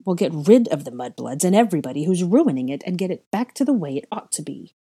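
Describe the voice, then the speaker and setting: A woman's voice: very animated, quick pace, mellow, slightly rough, exaggerated voice. A woman voicing a gleeful, bloodthirsty witch who giggles and spits her words, in a storybook reading. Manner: shrill, giggling, spiteful.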